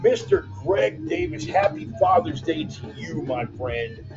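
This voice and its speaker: The host of a weekly online commentary show jokes loosely while reading viewer comments, calling listeners "man" and "brother." His high-pitched, creaky voice takes huge pitch swings at an unhurried pace. The laptop mic yields dull lo-fi sound with bumper music beneath.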